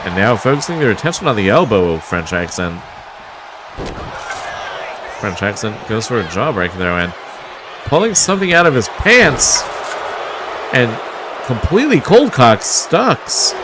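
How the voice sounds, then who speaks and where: A man calls a wrestling match play by play, wry and mocking, and chuckles now and then. A loud crowd and steady noise sit behind his voice. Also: medium pitch, measured pace, long pauses. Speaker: wrestling commentator. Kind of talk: play-by-play commentary.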